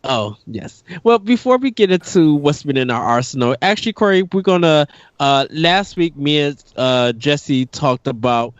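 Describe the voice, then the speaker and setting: A man's voice: on the high side, lively intonation, normal speed, no room sound, muffled recording. A man hosting a casual gaming podcast, upbeat and laughing often, rambling with fillers. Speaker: podcast host.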